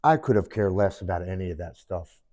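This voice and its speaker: A man's voice: deep voice, animated, a little fast, warm tone. A man as a podcast guest, earnestly telling his own story in the present tense, sitting in person with the hosts. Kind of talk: personal recovery story in a sit-down interview.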